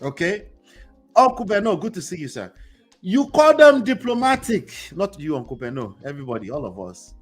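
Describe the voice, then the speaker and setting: A man hosts a motivational commentary show and preaches to his viewers with lots of energy. His voice sits high for a man. Faint music plays under his talk. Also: normal speed. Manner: preachy, animated, talks to the audience directly. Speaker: host.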